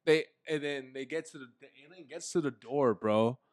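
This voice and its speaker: Smooth-voiced young man telling stories. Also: mid-range voice, normal speed, no echo, studio quality. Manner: animated storytelling, heavy slang and swearing. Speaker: podcast host. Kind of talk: casual podcast chat.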